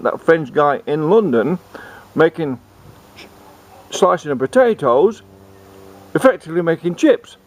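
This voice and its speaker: A man's voice: fairly high pitch, animated, measured pace, long pauses. A man telling a comic tall tale in a rambling way, often repeating words. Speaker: storyteller. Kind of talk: comic storytelling.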